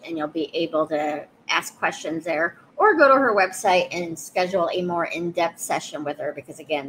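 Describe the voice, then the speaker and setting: A woman hosting a live chat, warmly reading out viewer questions and thanking guests. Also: on the low side, a little hiss or hum, poor audio. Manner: friendly, reads out viewer questions. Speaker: host.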